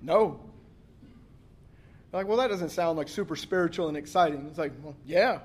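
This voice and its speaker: A man with a fairly high voice gives a church sermon in a loose, conversational way. He jokes often and acts out little exchanges of dialogue as he goes. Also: moderate pace. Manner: casual, joking delivery with acted-out quotes and frequent 'like'. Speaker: pastor.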